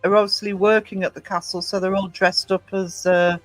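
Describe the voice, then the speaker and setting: A woman from Northumberland with a soft Northumbrian English accent, chatting casually as a podcast co-host, blunt and quick to swear. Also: mid-range voice, little pitch movement, no room sound, soft background music, low-quality recording. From Northumberland, England. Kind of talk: casual chat.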